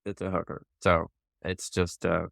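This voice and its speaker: A man's voice: low voice, completely flat delivery, a little slow, creaky, a bit bright, no room sound, clean studio sound. A man in his fifties, a podcast guest chatting candidly and laughing easily. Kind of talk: casual podcast conversation.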